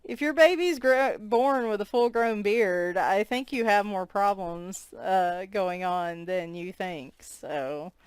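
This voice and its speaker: Slow-talking giggly woman, smooth voice. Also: mid-range voice, dry recording. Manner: giggly, amused, chatty. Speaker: coloring book reviewer. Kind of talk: casual flip-through commentary.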